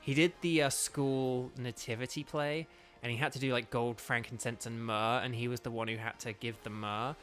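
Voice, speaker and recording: A man with a Northern Irish accent chats his way through a game, rambling and restarting with plenty of fillers. His voice sits at an ordinary middle pitch. Faint game music plays quietly underneath. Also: fairly even intonation, moderate pace. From Northern Ireland. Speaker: gaming YouTuber and voice actor. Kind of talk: casual let's-play commentary.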